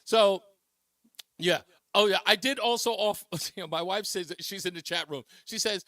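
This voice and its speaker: A man with a high, bright voice hosts a talk radio show, telling stories with lots of animation and frequent laughter. The sound is dry and close. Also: normal speed, no room sound. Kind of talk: casual talk radio storytelling.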